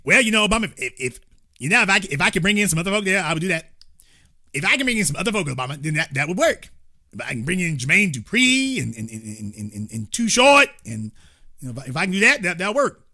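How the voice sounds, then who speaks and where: A man doing an impression of a flattered male celebrity comedian who stammers and eagerly agrees. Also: high voice, quick pace, full character voice. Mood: eager agreement.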